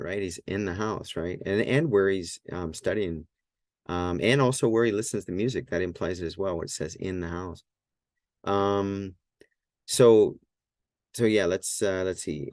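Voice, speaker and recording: A man teaching Greek grammar at a whiteboard, halting and full of fillers and self-corrections, slowly sounding out Greek phrases. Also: fairly low pitch, darkish tone, dry recording.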